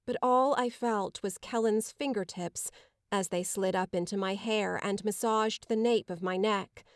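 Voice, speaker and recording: A woman giving measured, dramatic first-person narration of an audiobook. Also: mid-range voice, no echo, clean studio sound.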